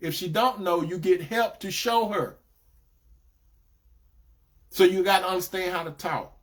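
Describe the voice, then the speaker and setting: Higher-voiced man preaching relationship advice. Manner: repetitive, addresses listeners as brothers and sisters. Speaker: Christian relationship advice speaker. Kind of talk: preaching-style advice talk.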